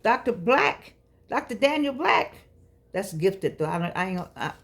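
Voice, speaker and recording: Folksy woman in her sixties, gravelly. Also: medium pitch, big pitch swings, measured pace. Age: 60s. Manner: chatty, preachy, folksy and emphatic. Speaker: vlogger speaking to seniors. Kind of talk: casual motivational talk to camera.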